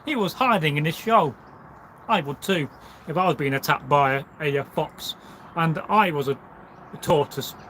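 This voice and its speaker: A man's voice: on the high side, moderate pace, fairly bright tone, slight background noise. A man telling a folk tale casually on a livestream, rambling with asides and fillers. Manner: rambling, full of asides and "you know" fillers. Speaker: storyteller. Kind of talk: casual spoken storytelling on a livestream.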